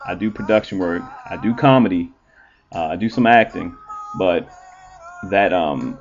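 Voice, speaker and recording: A man who works as an entertainer and relationship show host, talking in a blunt, profane, animated monologue with frequent ums. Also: on the low side, muffled recording. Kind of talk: casual monologue.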